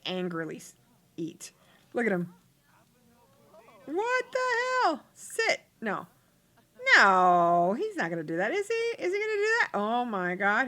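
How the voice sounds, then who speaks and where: A woman's voice: medium pitch, sharp tone. A woman hosting a let's play, chatting casually over gameplay and acting out her characters' arguments in quoted lines, laughing often.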